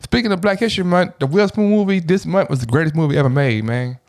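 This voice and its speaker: A man's voice: a little high, quick pace, darkish tone. A man in his thirties co-hosting a podcast, rambling casually and tacking "man" onto his sentences. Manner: laid-back, rambling, says "man" a lot. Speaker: podcast co-host. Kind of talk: casual chat.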